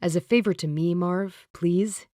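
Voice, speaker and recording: A calm, reassuring young man, as a woman narrator voices him. He speaks evenly in a lowish, dry, close voice. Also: unhurried, dry recording, close to an everyday voice.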